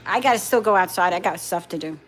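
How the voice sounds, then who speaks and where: A woman's voice: lowish voice, fast talker. Chatty woman hosting a live stream. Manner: chatty, talks to viewers and her dogs; firm and defensive when answering comments. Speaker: livestream host. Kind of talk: casual live chat.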